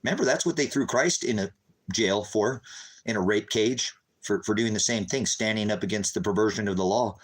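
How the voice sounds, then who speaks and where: A man delivering an impassioned, agitated monologue to his viewers, calling them brothers and sisters, sometimes rising to a loud, high-pitched telling. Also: fairly quick, poor audio. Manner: grows loud and high when recounting the raid. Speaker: street preacher vlogger.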